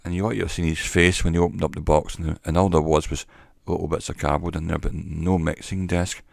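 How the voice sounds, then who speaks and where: A man, a former salesman, telling a wry story to camera in a slow, deliberate way on a cheap microphone. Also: low-pitched, flat delivery, gravelly, no room sound, clean studio sound. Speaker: vlogger. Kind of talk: casual monologue to camera.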